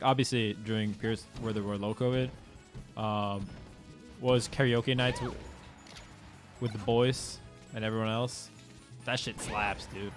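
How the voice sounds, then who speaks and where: A young man rambles casually to his stream viewers, talking in loose slang and cursing freely. His voice sits at a medium pitch. Faint music plays quietly behind him. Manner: laid-back and slangy, swears freely, loose rambling delivery.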